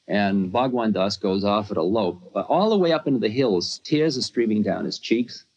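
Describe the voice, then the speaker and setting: A man's voice: on the low side, animated, moderate pace, darkish tone, husky, muffled recording. A man telling a personal story in a rambling, conversational talk full of asides.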